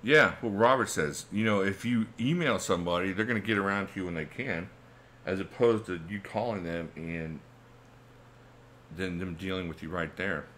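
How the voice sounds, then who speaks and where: A man's voice: sits low, normal speed, fairly bright tone, a little hiss or hum. A middle-aged man hosting a casual livestream, reading chat comments and laughing often in a chatty, laid-back way. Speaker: livestream host.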